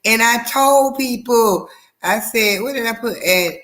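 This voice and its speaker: A woman's voice: on the high side, measured pace, fairly bright tone. A woman co-host in casual chat, talking in a rambling way with frequent restarts and easy laughter.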